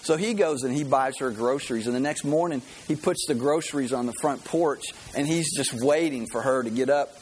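A man's voice: mid-range voice, brisk, hardly any pauses, darkish tone, a little hiss or hum, low-quality recording. A man preaching a sermon, telling stories in a conversational way and often checking in with "right?". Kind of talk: sermon with a storytelling lesson.

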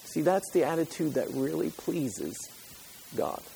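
A man's voice: fairly high pitch, lively intonation, a little slow, creaky, slight background noise. A man preaching a sermon, reading scripture aloud and retelling it with passion, pleading at times and dropping to a near whisper at others. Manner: impassioned, pleading when voicing Moses, dropping to a hush.

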